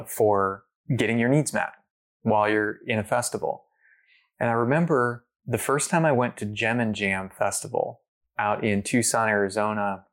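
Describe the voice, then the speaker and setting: A man telling a long personal story in casual conversation, full of fillers, acting out what people said. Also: on the low side. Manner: animated storyteller, many fillers, acts out quotes.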